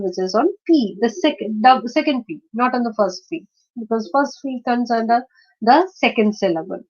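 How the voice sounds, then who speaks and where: A woman lecturing on word stress, hesitating often and slowly sounding out example words. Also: fairly high pitch, darkish tone, dull audio. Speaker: teacher.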